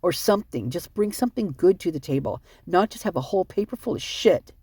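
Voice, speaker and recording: A vlogger reading out police reports and rambling in commentary, upset and short on sleep, talking fast and cutting themself off. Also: medium pitch, animated, warm tone, breathy edge, dry recording. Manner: fast, rambling, self-interrupting.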